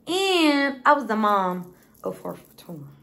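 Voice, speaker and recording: A woman's voice: fairly high pitch, sing-song, takes it slowly, gravelly, fairly bright tone, slight background noise. A woman in her twenties with an American accent, telling stories in a casual, blunt vlog and swearing freely. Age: 20s. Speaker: vlogger.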